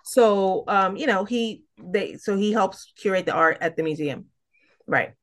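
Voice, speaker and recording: A woman's voice: medium pitch, animated, unhurried. A woman co-hosting a casual podcast chat, retelling an episode's plot with many fillers and restarts. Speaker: podcast co-host.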